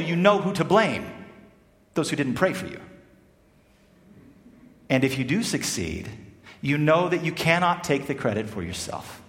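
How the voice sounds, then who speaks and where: A man from South Africa preaching a sermon, animated, swinging between loud emphasis and hushed, quiet phrases. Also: mid-range voice. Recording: echoey hall with long reverb.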